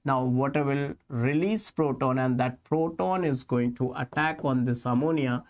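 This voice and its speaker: A man with an Indian English accent teaching a chemistry lecture, explaining slowly and repeating key points while calling his students kids. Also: medium pitch, a little mellow. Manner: slow, repetitive explaining, addressing students as kids. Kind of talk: exam-prep lecture.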